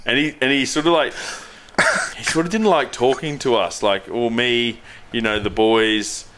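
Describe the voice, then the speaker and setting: A man's voice: mid-range voice, moderate pace, noisy background. A man co-hosting a podcast, swearing freely while he tells mocking stories about mates. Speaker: podcast co-host. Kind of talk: casual banter.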